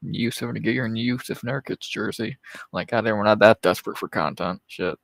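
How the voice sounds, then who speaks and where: A man's voice: fairly low pitch, moderate pace, gravelly, fairly bright tone, no echo. A man co-hosting a casual livestream chat, laid-back and amused, swearing now and then. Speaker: podcast co-host.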